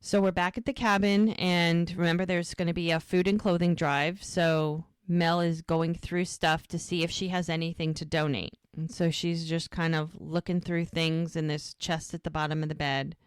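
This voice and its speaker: Woman podcast host, lower register, animated recapper, dry booth sound. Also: clean tone, no room sound. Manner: chatty, emphatic, recounts scenes with quick quoted dialogue. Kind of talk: casual rewatch podcast chat, recapping scenes.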